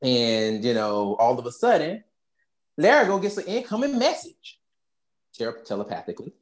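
A woman with a low voice chats casually about a movie she watched. She tells the story with animation and slips into the characters' voices as she goes. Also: very animated, moderate pace. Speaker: podcast co-host recapping a movie. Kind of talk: casual chat.

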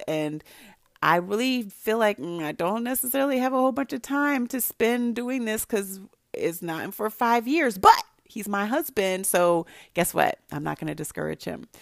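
A woman's voice: mid-range voice, dry recording, clean studio sound. Chatty woman giving marriage advice. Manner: animated, chatty storytelling. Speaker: relationship advice speaker. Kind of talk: casual advice talk to wives.

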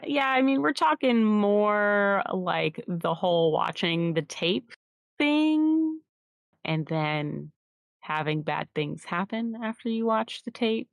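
A woman playing a tabletop game, talking in a lively, bouncy way. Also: mid-range voice, slow, creaky, no room sound, studio quality. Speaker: player. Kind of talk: tabletop role-play.

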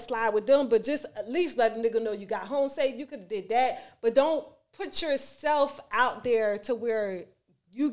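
A woman with a voice a little above the usual pitch talks through a situation in a relaxed group conversation, weighing sides and giving advice. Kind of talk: casual group discussion.

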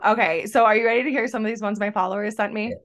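A woman's voice: mid-range voice, steady tone, rapid-fire. Playful young woman telling funny stories. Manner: playful, laughing storyteller. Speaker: podcast guest. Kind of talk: casual chat.

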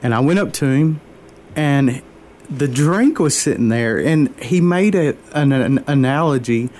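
Man, interview guest, heartfelt testimony, halting, filler words, mid-pitched voice, faint background hiss. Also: lively intonation, a little mellow. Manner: earnest, halting, many fillers and restarts; emotional, openly moved. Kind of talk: personal testimony storytelling.

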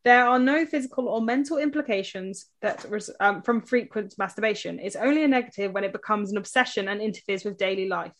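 A young adult woman hosts a podcast in a loose, chatty way. She pokes fun at herself and often trails off and starts her sentences over. Her voice sits at a middle pitch. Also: quick pace, hardly any pauses. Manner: chatty and self-mocking, with rambling restarts. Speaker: podcast host. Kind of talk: casual podcast chat.

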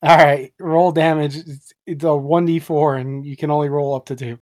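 Male game master, plain and matter-of-fact, a bit high. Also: fairly even intonation, moderate pace, no echo, studio quality. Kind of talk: running a tabletop game.

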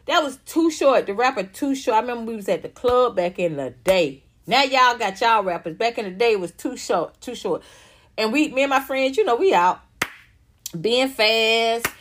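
A woman host, giving brash, profane celebrity gossip commentary in an animated storytelling way. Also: on the high side, normal speed. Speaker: channel host.

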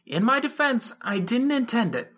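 A cheeky teenage girl, bold and quick to tease, tossing remarks across a crowded room, as a male narrator puts her on. She sits high and bright above the reader's usual voice, and the delivery has a clear, forward tone. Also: sing-song, full character voice. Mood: playful. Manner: teasing, calls out across the room. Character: teen girl, bold and playful. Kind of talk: audiobook character voice.

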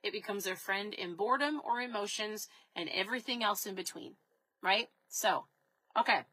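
A woman's voice: mid-range voice, normal speed, pushed and bright, husky, no echo, low-quality recording. A woman in her thirties chatting casually to her viewers about diet, upbeat and full of questions for them. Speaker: keto lifestyle vlogger. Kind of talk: casual direct-to-camera talk.

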